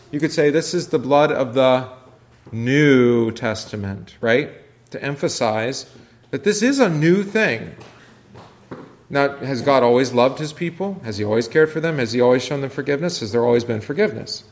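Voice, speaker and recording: A man, a pastor, teaching a Bible study class in a conversational way and asking the group questions. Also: medium pitch. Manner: conversational, asks questions, many restarts.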